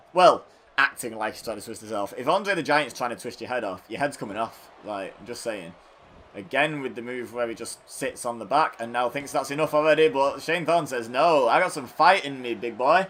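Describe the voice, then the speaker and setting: A man's voice: mid-range voice, a bit bright, a little hiss or hum. A man doing casual, self-mocking commentary over a wrestling video game, joking as he calls the action. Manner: chatty and self-mocking, riffing between play-by-play calls. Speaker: gaming channel host.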